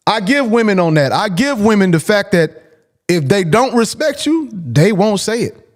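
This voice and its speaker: A man's voice: high voice, sing-song, moderate pace. A man hosting a call-in show, talking casually and bluntly, repeating his points for emphasis. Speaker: host.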